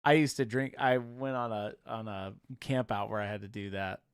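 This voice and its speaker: A man's voice: fairly low pitch, moderate pace, clear, resonant tone, no echo, clean studio sound. A man co-hosting a casual livestream, chatting playfully, laughing often and slipping into silly voices. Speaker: livestream co-host.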